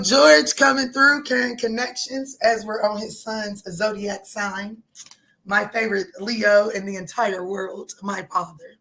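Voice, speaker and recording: A woman giving a casual tarot reading, talking in a chatty, animated way, swearing and joking with her viewers. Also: mid-range voice. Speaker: tarot reader.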